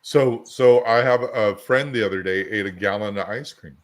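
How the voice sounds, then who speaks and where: A man with a somewhat low voice co-hosting a podcast. He talks in a loose, rambling way, piling up anecdotes and everyday examples to make a point. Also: moderate pace. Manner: rambling storyteller, chatty anecdotes. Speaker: podcast co-host. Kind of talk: casual conversational podcast.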